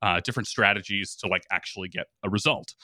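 A man with an announcer-type voice, telling his story as a podcast guest in an energetic, casual way, with many restarts and fillers. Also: fairly low pitch, fast, no room sound, clean studio sound. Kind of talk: casual conversation.

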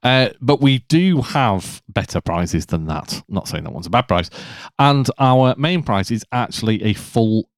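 A man's voice: lowish voice, lively intonation, measured pace, hardly any pauses, no echo. A man co-hosting a casual podcast chat, explaining things in a chatty way. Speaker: podcast co-host.

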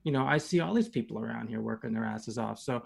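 A man's voice: medium pitch, quick pace, vocal fry, husky. A man in his thirties, a guest in casual chat, telling stories in a laid-back, rambling way full of fillers.

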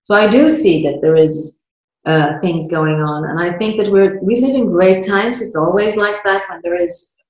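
A middle-aged woman speaking gently and reflectively as an interview guest, at times guiding a slow meditation. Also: mid-range voice. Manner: calm, gentle, slow-spoken. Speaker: guest, spiritual writer and speaker. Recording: roomy echo.

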